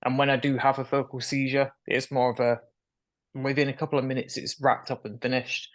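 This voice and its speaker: A young man speaks at a medium pitch with little variation and a fairly quick pace. He's a guest in a candid conversational interview, telling his story frankly and now and then letting out a nervous laugh.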